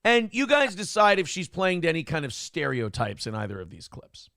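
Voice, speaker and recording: Gravelly-voiced man hosting a live stream. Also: on the high side, very animated, fairly quick, noisy background. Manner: crude, sarcastic, swears freely. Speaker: morning show host. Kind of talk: casual live-stream commentary.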